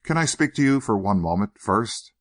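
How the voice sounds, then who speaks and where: A man's voice: lowish voice, animated, moderate pace, lightly acted. A man voicing a frustrated nineteen-year-old young man with an urgent, pleading manner.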